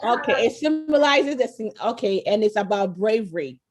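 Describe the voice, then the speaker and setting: A woman's voice: a little high, animated, normal speed. Woman teaching an online class. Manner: encouraging, quizzes listeners with frequent "okay?" and "right?". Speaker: virtual tour presenter. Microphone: video call.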